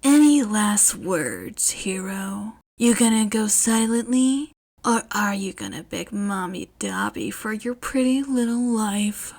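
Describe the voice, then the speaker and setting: A woman reading a podfic, voicing a manic young male fire villain who taunts and snarls loudly. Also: medium pitch, very animated, takes it slowly, heavily acted. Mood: menacing. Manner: snarling, loud, gleeful menace.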